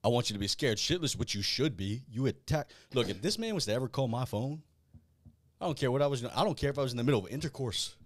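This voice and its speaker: A man, hosting a casual podcast and talking in a blunt, profane, animated way. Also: mid-range voice, fast talker, dry recording. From South Louisiana. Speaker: podcast host.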